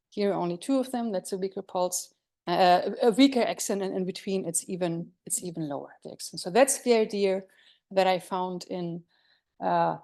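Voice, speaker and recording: A woman's voice: medium pitch, warm tone. A woman lecturer giving an academic conference talk, explaining step by step with frequent fillers and self-corrections and asking the audience questions.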